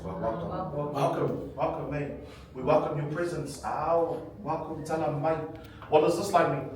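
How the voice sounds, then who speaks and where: A hoarse man teaching a language workshop to a group, animated and quizzing his listeners with some humor. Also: on the high side, unhurried, background noise. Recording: echoey hall, from far off, crowd around.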